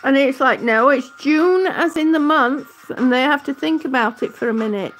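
A middle-aged woman chatting warmly with viewers on a live stream, a little out of breath, calling them honey and sweetie with drawn-out vowels. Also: sits high, soft background music. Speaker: vlogger on oxygen.

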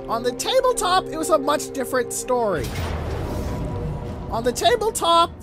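An animated gamer talks the viewer through a strategy campaign, swearing freely along the way. The pitch leaps around a lot. Game music plays clearly underneath the desk-mic commentary. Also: normal speed. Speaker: let's play gamer. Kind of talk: casual gameplay commentary.

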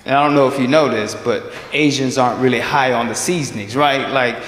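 A male stand-up comedian from Texas, performing an animated routine and laughing at his own jokes on a comedy club stage. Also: mid-range voice, fairly quick, a little hiss or hum. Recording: echoey club hall with crowd. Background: audience laughter.

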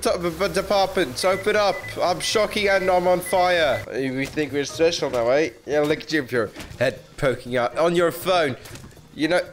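A man giving casual, self-mocking commentary while playing a video game, swearing often and joking about his own play. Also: mid-range voice. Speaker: gaming channel host.

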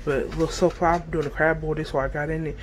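A woman's voice: sits low, fairly even intonation, fast, slight background noise. A woman vlogger chatting casually to her viewers while cooking in her home kitchen. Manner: chatty, talks straight to viewers, playful. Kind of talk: casual cooking chat to camera.

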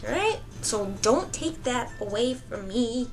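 A young woman giving casual, excitable gameplay commentary, laughing and repeating herself in panic. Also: high-pitched, a little slow, hardly any pauses, soft background music. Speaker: gaming vlogger.

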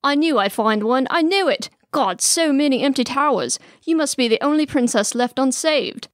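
A woman's voice: medium pitch, fairly even intonation, normal speed, no echo, studio quality, natural voice. A woman voicing an eager, bumbling young male prince who gushes in a put-on British accent. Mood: gushing. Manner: gushing, pompous, overeager. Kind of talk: audiobook character voice.

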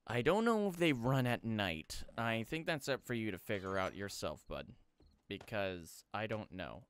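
A man's voice: lowish voice, moderate pace, slight background noise. A young adult man hosting a casual gaming video, chatting with a friend, ranting and swearing in exasperation. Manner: animated, exasperated rants, swears freely. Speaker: host.

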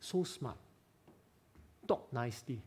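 A man preaching a lively sermon in Singaporean English, firing rhetorical questions and teasing members of the congregation by name. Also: medium pitch, takes it slowly, breathy edge. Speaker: pastor. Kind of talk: live sermon. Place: church hall.

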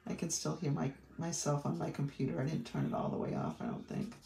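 Here a middle-aged Maine woman talks through a craft tutorial, chatty and prone to wandering off on tangents. She speaks quickly in a low, dark voice with vocal fry and big swings in pitch, and the room gives it a roomy echo.

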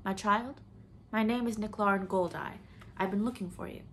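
A woman voicing a middle-aged male mage with a clipped, crisp and educated way of speaking, in a storybook reading. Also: medium pitch, normal speed, a little hiss or hum, close to an everyday voice. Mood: brisk.

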